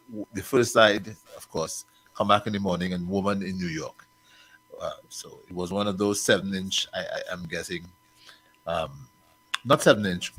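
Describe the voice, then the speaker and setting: A man hosting a radio chat, his voice sitting a little low. He talks in an animated way, chuckling often and swinging between loud and soft. He is heard through a studio microphone. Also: rough recording. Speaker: radio host.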